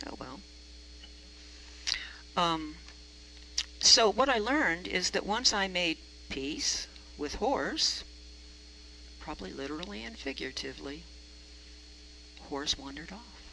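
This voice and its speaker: A woman preacher spins a personal story in a chatty, self-deprecating way, her voice bright and forward. A faint hum sits under her voice. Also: on the low side, animated, takes it slowly, pauses often, poor audio. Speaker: reverend. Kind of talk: storytelling sermon.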